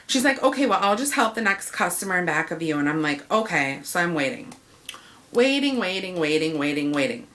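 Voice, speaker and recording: Bright-voiced woman recounting a frustrating errand. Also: on the low side, very animated, fairly quick. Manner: acts out the dialogue, quoting herself and the clerks. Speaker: customer telling a story. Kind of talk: casual storytelling rant.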